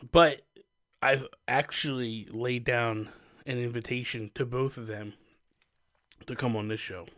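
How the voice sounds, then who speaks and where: A man's voice: medium pitch, fairly bright tone. A man co-hosting a casual podcast, rambling and teasing with frequent laughter. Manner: laughs often. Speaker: podcast co-host.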